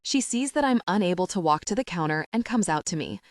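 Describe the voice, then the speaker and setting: Expressive woman narrating an audiobook. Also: on the low side, fast talker, no room sound, clean studio sound, distant mic. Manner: expressive, wry, lively storytelling. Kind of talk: first-person audiobook narration.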